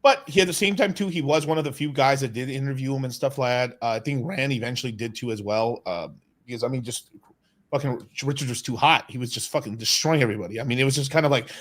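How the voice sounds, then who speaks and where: A man hosting a casual crypto livestream chat, excitable, swearing often and restarting his sentences. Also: medium pitch, fast.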